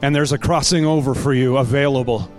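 A man's voice: medium pitch, steady tone, brisk, darkish tone, soft background music. A male pastor exhorting a congregation and then praying, earnest and urgent, building in intensity. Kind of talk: sermon and prayer.

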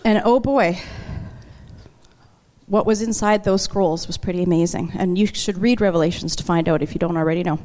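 A woman preaching a sermon to her congregation, chatty and emotional, slowing down to lean on key words. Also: lowish voice, dark tone. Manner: conversational and emotional, slows for emphasis. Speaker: worship leader preaching. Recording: long church hall reverb.

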